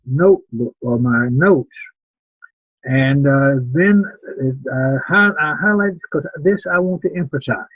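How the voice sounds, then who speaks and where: A man's voice: a little high, breathy edge, dry recording. An older man teaching preaching students in an earnest, plain-spoken way, often repeating words as he thinks. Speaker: preaching instructor. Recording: tinny phone-like sound.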